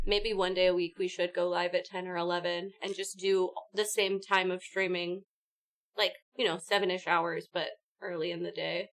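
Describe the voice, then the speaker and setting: A woman's voice: on the low side, fairly bright tone. Chatty woman hosting a livestream. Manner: chatty, laughs often, talks to viewers directly. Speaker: livestream host. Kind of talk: casual chat with stream chat and co-players.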